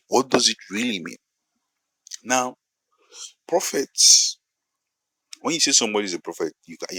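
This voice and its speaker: A man with a Nigerian English accent preaching a sermon-style monologue, repeating phrases for emphasis and building to loud peaks. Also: sits low, breathy edge, no room sound, rough recording.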